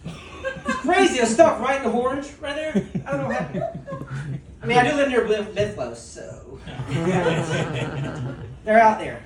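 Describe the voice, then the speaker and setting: A woman's voice: on the high side, very animated, slow pace, long pauses, far from the mic, a loud crowd. A woman performing a casual, self-mocking stand-up comedy set on a club stage and laughing at her own jokes. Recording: echoey club recorded from afar.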